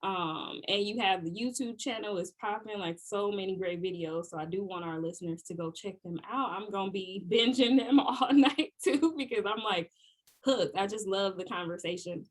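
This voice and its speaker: Lively woman podcast co-host. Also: medium pitch, moderate pace. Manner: lively, laughs often, says "like" a lot. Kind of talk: casual chat.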